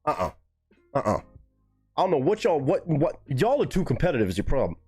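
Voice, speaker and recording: A man's voice: fast talker, breathy edge, faint music behind. A man hosting a casual live stream, chatting with viewers and swearing freely. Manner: animated, swearing, jumps to high pitch when surprised. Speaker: livestream host reacting to music.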